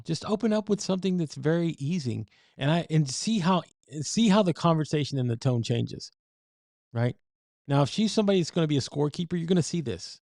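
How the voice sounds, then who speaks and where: A man co-hosting a relationship podcast and coaching on communication, starting haltingly with stammers and then giving steady advice. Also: fairly high pitch, no echo, studio quality. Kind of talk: casual advice chat.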